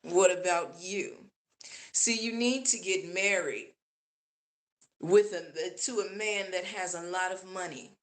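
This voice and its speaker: A woman's voice: lowish voice, takes it slowly. A woman voicing a judgmental older woman who lectures in a condescending tone. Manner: preachy, condescending.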